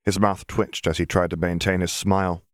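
A man narrates a story at a steady, deliberate pace. His voice is deep and low. The recording is dry, with no room echo.

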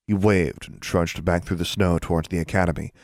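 A man narrating a fantasy story aloud with expressive storytelling. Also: low-pitched, brisk, no room sound, studio quality. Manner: expressive storytelling, shifts into character voices. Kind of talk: audiobook narration.

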